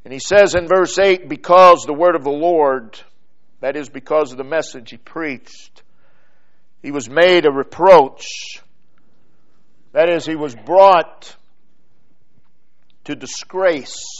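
A man delivers a sermon in a fairly high voice. He speaks slowly and deliberately, pausing for effect and letting his phrases drop off at the end. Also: highs cut off. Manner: slow, deliberate preaching with dramatic pauses and falling phrase ends. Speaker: preacher.

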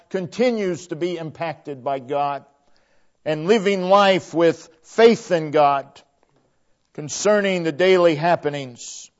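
A male preacher delivers a sermon at an unhurried, deliberate pace, leaning hard on key words before letting each phrase sink quietly. His voice sits a little high for a man. The recording is dull and lo-fi. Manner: slow, emphatic preaching that trails off quietly at phrase ends.

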